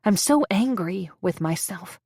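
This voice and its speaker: A woman narrating a first-person story in a measured, tense way. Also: mid-range voice, expressive, gravelly, darkish tone, husky, dry recording, clean studio sound.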